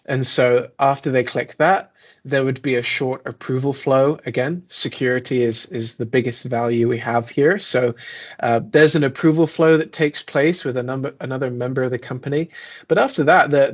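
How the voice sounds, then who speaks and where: A man speaking in an easygoing, conversational way over a video call. His pitch sits in the middle of the range. He talks casually, with fillers and the odd light laugh. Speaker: software company guest.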